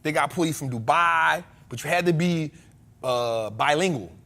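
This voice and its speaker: An American man hosting a casual chat, joking and breaking into loud exclamations. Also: on the high side, moderate pace, gravelly. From United States. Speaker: podcast host.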